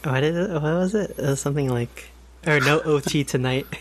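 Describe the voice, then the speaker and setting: A man co-hosting a podcast in casual chat, relaxed and full of fillers, steering the topics. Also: on the high side, brisk. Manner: laid-back, filler-heavy, leads the topics. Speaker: podcast co-host.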